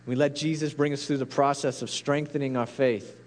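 A man's voice: mid-range voice, steady tone, a little fast. A man preaching a sermon as a pastor, earnest and pleading, building to intense peaks.

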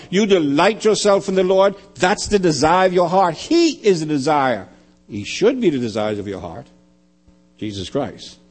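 A man preaching a sermon, emphatic and repetitive, often dropping to a quiet low. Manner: emphatic, repeating phrases, dropping to quiet lows.

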